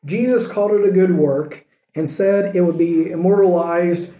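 A man's voice: high voice, moderate pace, mellow, roomy sound, low-quality recording. A man preaching a conversational sermon as pastor, using rhetorical questions. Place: church sanctuary.

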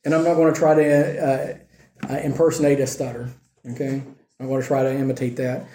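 A man's voice: medium pitch, level tone, fairly quick, mellow, roomy sound, a little hiss or hum. A male preacher telling a story in a conversational sermon, asking his listeners rhetorical questions.

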